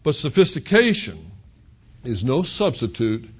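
A man's voice: medium pitch, wildly swooping pitch, measured pace, slightly rough. A male pastor preaching an expository sermon in a conversational, emphatic way, full of rhetorical questions.

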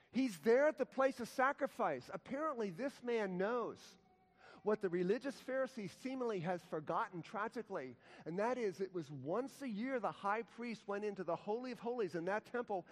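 Impassioned male pastor in a reverberant hall. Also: sits high. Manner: impassioned preaching with wide swings from loud to hushed. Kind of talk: sermon.

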